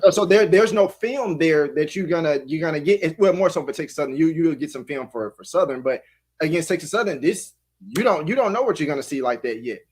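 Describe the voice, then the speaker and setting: A man's voice: a little high, expressive, fairly quick, breathy edge. A man analyzing a college football schedule on a live talk show, thinking aloud with many restarts. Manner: analytical, talks in restarts and fillers.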